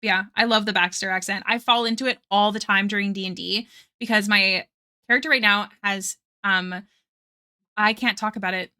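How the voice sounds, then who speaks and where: A young woman draws on her art stream while chatting away, rambling between stories, laughing often, and reading viewer messages aloud. Her bright, clear voice has middling pitch, a steady tone, and a moderate pace.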